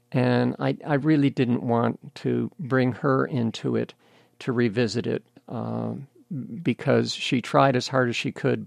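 Older american guy telling a story in an interview, gravelly voice, dry close sound. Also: mid-range voice, dry recording. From United States. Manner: candid, storytelling, measured. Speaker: guest. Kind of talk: interview conversation.

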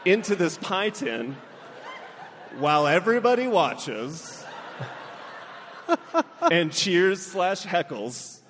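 A man's voice: sits high, expressive, takes it slowly, pauses often, a bit bright. A man in his thirties from Southern California doing a stand-up set, acting out voices and laughing through his punchlines. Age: 30s. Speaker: stand-up comedian, then guest. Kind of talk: stand-up comedy set, then casual interview chat. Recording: hall reverb, faint background noise.

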